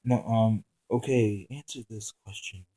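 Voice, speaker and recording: A man voicing a hard male warrior who interrogates in a blank, flat tone and barks orders. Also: on the low side, unhurried, husky. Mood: cold calm. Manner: blank, calm interrogation broken by barked orders. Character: cold menacing male space warrior.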